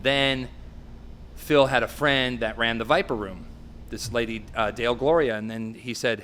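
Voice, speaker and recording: A man in his thirties casually telling stories in an interview, animated and often quoting others in acted voices. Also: medium pitch, moderate pace. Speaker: guest musician.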